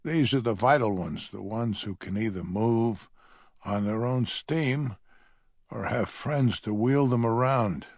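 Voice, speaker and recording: A man's voice: mid-range voice, measured pace, a little mellow, no echo, clean studio sound. A man narrating an audiobook in the first person, with a wry, grumbling manner.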